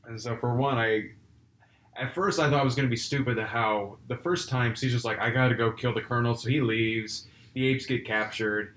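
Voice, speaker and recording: A man co-hosting a casual film discussion podcast, retelling scenes with animated energy. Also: mid-range voice, moderate pace. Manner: animated storyteller, acts out scenes. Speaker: podcast co-host. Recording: roomy with faint background noise.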